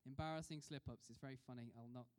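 A man's voice: mid-range voice, fairly even intonation, fast talker, a little mellow, clean tone. A man preaching a sermon in a conversational way, putting questions to the congregation. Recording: long reverb of a hall.

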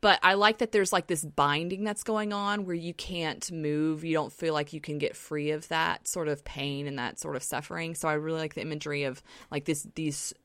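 A woman's voice: deep voice, steady tone, normal speed, few pauses, fairly bright tone, clear, resonant tone, no room sound. A woman with a Southern US accent chatting casually about tarot decks, full of fillers and easy laughs.

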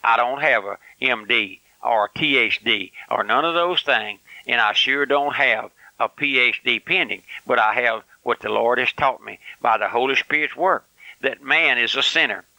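A man's voice: mid-range voice, moderate pace, sharp tone, dry recording, low-quality recording. An older man preaching a fiery, folksy radio sermon with lots of emphatic repetition.

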